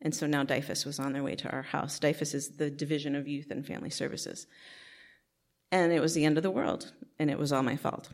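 A woman's voice: deep voice, fairly even intonation, brisk. A middle-aged woman telling a personal life story to an audience in a candid, casual way, with many fillers. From New Jersey, USA.

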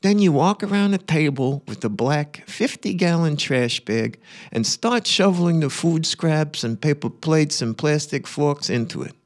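Picture a bossy, blunt old uncle, barking out his house rules in a raised, brash voice that swings up and down. He sounds controlling and sure of himself, and a man puts him on by pitching his voice well above his own. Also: animated, unhurried. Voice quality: brash, loud, commanding.

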